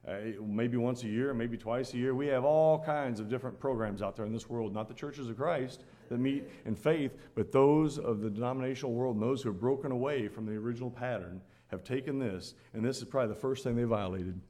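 A man delivers a sermon in an earnest, plain-spoken way. His voice sits at an ordinary middle pitch, and he leans on repeated phrases to drive his points home. He rises when he exhorts his listeners. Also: brisk, few pauses, warm tone. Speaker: preacher.

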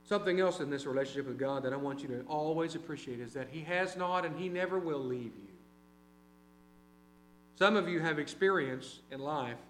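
A middle-aged man preaching a conversational sermon, telling personal stories and dropping to quiet asides. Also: on the high side. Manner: conversational, anecdotal, varies loudness widely. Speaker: preacher and teacher. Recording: roomy hall with mains hum.

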